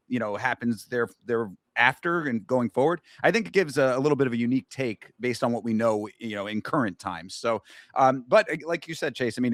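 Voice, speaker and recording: Steering the talk and wrapping up topics, this relaxed co-host of a casual sports show speaks in a mid-range voice. The sound is clean studio quality, without echo.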